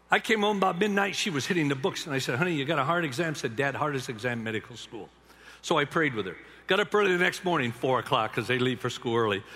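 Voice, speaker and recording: An older man preaches to a packed arena, his voice swinging between hushed tenderness and loud, animated emphasis. His tone is bright and a little husky, and it rings out with a long hall echo. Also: on the high side. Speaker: speaker to a men's gathering. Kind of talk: sermon-style storytelling talk. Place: large arena or stadium.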